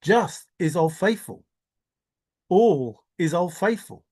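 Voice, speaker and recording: A woman pours out a solo monologue with big theatrical swings, her voice leaping up and down in pitch. She drags her words out slowly and makes every point with exaggerated exclaiming and mock despair. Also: animated, a little mellow. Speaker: treasure hunt video maker.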